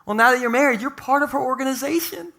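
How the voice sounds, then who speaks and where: A man pastor giving a sermon to a live congregation, telling stories with animated humor. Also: extremely high pitch, fast, vocal fry. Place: church service with a live congregation.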